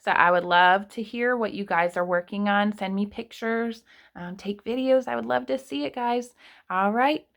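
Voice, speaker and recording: A woman's voice: medium pitch, gravelly, a bit bright. A woman teaching kindergartners online, patiently stretching words out sound by sound. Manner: patient, speaks slowly to children. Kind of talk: online lesson for young children.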